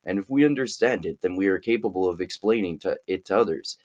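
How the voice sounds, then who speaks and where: Deep-voiced sarcastic male commentator. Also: fast talker, a little mellow, lo-fi sound. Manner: sarcastic, profane, rambling. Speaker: commentary channel host. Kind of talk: casual commentary on a book.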